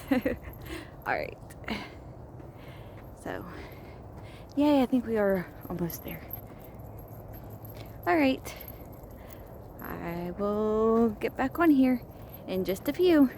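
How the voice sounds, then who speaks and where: A woman's voice: a little high, lively intonation, slow, pauses often, warm tone, a little hiss or hum. A woman chatting casually to her vlog audience on a park trail, a bit out of breath and exasperated. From US state of Georgia. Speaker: vlogger. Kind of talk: casual vlog talk to camera.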